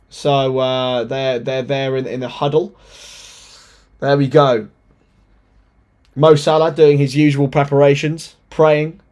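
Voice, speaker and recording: A man hosting a live football watchalong, commenting as a fan. He talks in an excitable, chatty way, often stumbles over words, and sounds nervous and shaky. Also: fairly high pitch. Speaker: watchalong host.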